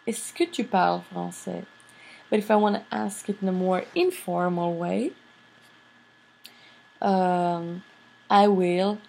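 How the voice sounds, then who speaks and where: A slow-talking woman teaches a recorded grammar lesson. Her voice is husky with a gravelly edge, and she fills pauses with frequent ums and uhs as she explains. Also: poor audio. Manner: unhurried, with many fillers; models French examples slowly with rising pitch. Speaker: French teacher.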